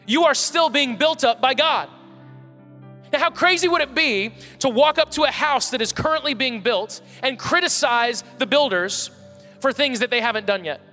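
A male pastor preaching an earnest sermon, stacking repeated phrases for emphasis. His voice sits very high and sounds bright and forceful. It carries a long reverb from the church sanctuary. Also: moderate pace, faint music behind.

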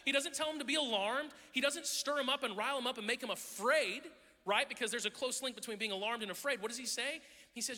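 A middle-aged man delivers a sermon in a very bright, lively voice that sits high for a man. He tells his stories with humor and acts out the people in them. A long reverb trails off every line in the hall. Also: fast. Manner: animated storytelling, jokes and acted-out quotes. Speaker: pastor.

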